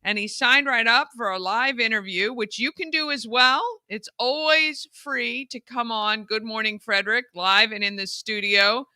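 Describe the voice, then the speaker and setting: Bubbly bright-voiced woman host. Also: on the high side, steady tone, normal speed, few pauses, no room sound. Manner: bubbly, effusive. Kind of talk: live morning show chat.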